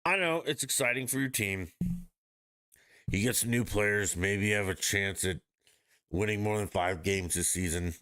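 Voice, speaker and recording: A man's voice: on the low side, moderate pace, sharp tone. A man hosting a podcast, ranting bluntly and profanely in casual sports talk. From Denver area, United States. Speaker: podcast host.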